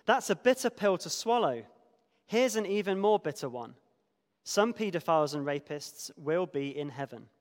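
A male preacher giving a sermon in a church hall. He reads a story aloud with expression, moving between soft, hushed lines and emphatic ones. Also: on the high side, expressive, normal speed. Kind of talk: sermon with a dramatic reading from a book. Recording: long reverb of a large hall.

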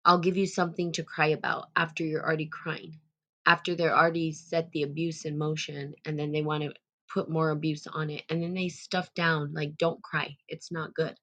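A woman with a low-pitched voice speaks at normal speed in a flat delivery while hosting a live stream. She reads viewer comments and tells an emotional personal story, rambling with frequent restarts and loud bursts, on the verge of tears.

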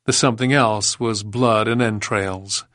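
A man's voice: fairly low pitch, fairly even intonation, fairly bright tone, dry recording. Grave male audiobook narrator, dry sound. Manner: measured, grave storytelling. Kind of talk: scripted narration.

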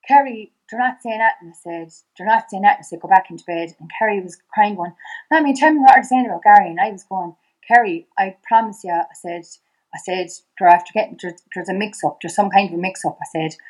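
A middle-aged Irish woman with a slightly low voice tells a painful story as a podcast guest. She keeps repeating herself and acts out each exchange, her voice climbing as she quotes people. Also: darkish tone, rough recording. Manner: repeats "I said" constantly, re-enacts dialogue with rising voice. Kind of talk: emotional personal storytelling.

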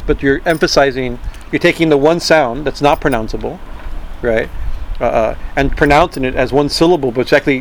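A man giving an informal talk on Tantra philosophy. He speaks haltingly, repeats words and keeps asking "right?". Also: medium pitch, slight background noise, poor audio. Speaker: spiritual teacher.

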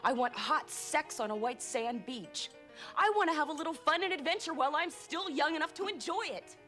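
A woman's voice: sits high, brisk, over music, close to an everyday voice. An actress playing a restless young wife in a TV drama, bitter and cutting as she leaves her husband. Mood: fed up. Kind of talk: TV drama acting.

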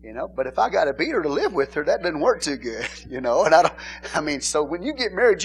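A male pastor preaching an informal sermon in a church, bantering and laughing with the congregation and rising to shouted emphasis. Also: a little high, sing-song, fast, breathy edge. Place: church sanctuary.

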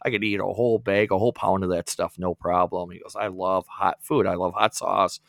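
A man's voice: low-pitched, steady tone, brisk, creaky, a bit bright, no room sound. A man co-hosting a podcast, telling a rambling story in casual chat, laughing often and acting out his friends' lines. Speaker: podcast co-host.

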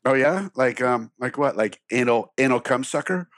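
A man being interviewed, joking crudely and swearing in a deadpan way. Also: mid-range voice, moderate pace, no room sound, clean studio sound. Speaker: interview guest. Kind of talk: casual conversation.

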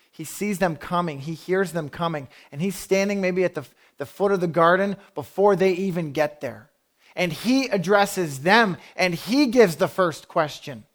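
A man's voice: high-pitched, a bit bright. A man preaching a sermon, telling the story emphatically and acting out the speakers he quotes. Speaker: pastor.

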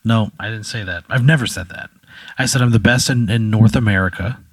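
A man bantering on a comedy podcast, indignant and profane in a deadpan way. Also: lowish voice, brisk, breathy edge.

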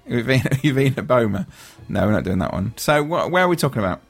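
A man's voice: mid-range voice, sing-song, fast, gravelly, husky, soft background music. A man hosting a casual chat, rambling and joking as he talks. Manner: chatty, rambling, jokey. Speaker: podcast host.

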